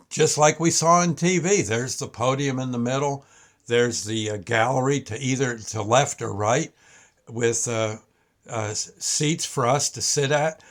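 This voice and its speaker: An older man hosting a show, telling a childhood story in a casual, meandering way with many halting restarts. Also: mid-range voice. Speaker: show host. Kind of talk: casual reminiscence.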